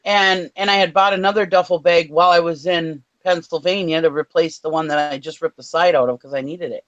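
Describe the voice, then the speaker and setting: A woman's voice: fairly low pitch, fairly even intonation, brisk, highs cut off. A woman co-hosting a casual show, telling an angry story with blunt swearing. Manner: fired-up storytelling, swears freely. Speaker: co-host. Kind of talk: casual chat.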